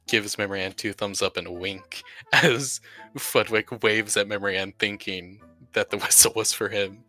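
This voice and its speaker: A man narrating his characters' actions as a player in a tabletop game, in a lively, laughing way. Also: lowish voice, moderate pace, soft background music.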